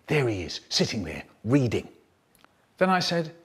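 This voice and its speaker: A man's voice: medium pitch, huge pitch swings, moderate pace, a bit bright, husky. A man telling a comic story in a theatrical style, his voice swooping up and down. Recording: edited clips from older recordings.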